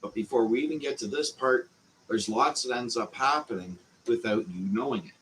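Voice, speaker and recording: A man with a Canadian accent hosting a casual growing class, talking slowly and meandering with lots of fillers. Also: mid-range voice, fairly bright tone, slight background noise, rough recording. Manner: slow, meandering, with frequent fillers. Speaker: channel host teaching a growing class. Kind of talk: casual instructional talk.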